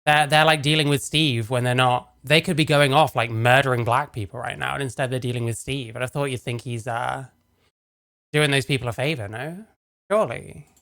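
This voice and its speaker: Gravelly-voiced sarcastic woman streamer. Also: rumbling low, fairly even intonation, a little fast, fairly bright tone. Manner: sarcastic, laughs often, swears. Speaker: streamer reacting to clips. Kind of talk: casual stream commentary.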